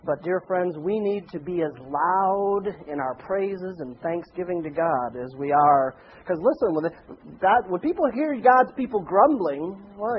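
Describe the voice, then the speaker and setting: A man preaching a sermon, telling stories animatedly and swinging between loud and hushed delivery. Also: sits high, dull audio, slight background noise. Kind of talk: sermon with storytelling.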